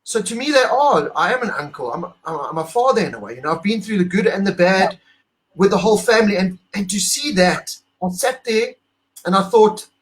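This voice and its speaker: A high-pitched man co-hosts a casual talk, gushing with emotion and animation. He is middle-aged and from South Africa. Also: expressive, brisk, low-quality recording. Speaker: podcast co-host. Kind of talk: excited casual chat.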